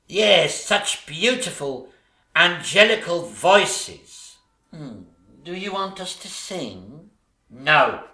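A man's voice: a little high, big pitch swings, extremely slow, bright, forceful tone, heavily acted. A man playing a catty, vain ugly stepsister in a pantomime stage comedy, with a camp, teasing sing-song delivery. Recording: echoey stage recording.

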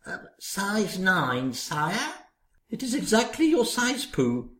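A man's voice: high voice, huge pitch swings, slow pace, a bit bright, heavily acted. An actor playing a fawning, scheming male servant in a comic radio play, with an oily, obsequious way of talking. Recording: roomy echo.

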